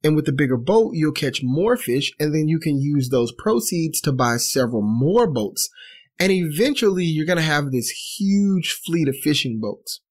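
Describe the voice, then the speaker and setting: A man voicing an eager American businessman who gives a persuasive sales pitch while telling a story. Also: animated, moderate pace.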